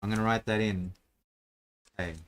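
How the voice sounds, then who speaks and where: A man's voice: fairly low pitch, fairly even intonation, moderate pace. A man hosting a casual chat, rambling with many fillers and restarts while he draws a map and rolls dice. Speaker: host drawing a dungeon map.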